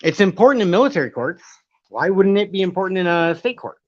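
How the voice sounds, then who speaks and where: A man's voice: high voice, very animated, fast, dry recording. A man hosting a live stream, rambling and arguing as he reads and answers the chat, swearing now and then. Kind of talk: casual live-stream commentary reading chat. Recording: dull lo-fi stream audio.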